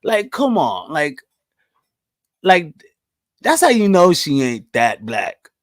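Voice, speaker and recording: A man's voice: on the high side, wildly swooping pitch, takes it slowly, dry recording, clean studio sound. A man hosting his own podcast, delivering a heated, profane monologue full of rhetorical questions, often checking in with "right?" and "you know what I mean?". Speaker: podcast host.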